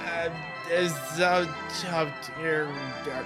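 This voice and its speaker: A man streaming a game live, reading its text aloud and swearing, yelling and laughing at what happens. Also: a little high, slow, loud music behind the voice. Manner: animated, swears and yells at the game, laughs often.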